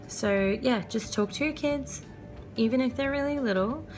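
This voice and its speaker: A woman's voice: high voice, moderate pace, a little mellow, soft background music. A young woman, chatting earnestly and casually as a mother giving parenting advice, laughing often. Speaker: vlogger and mother.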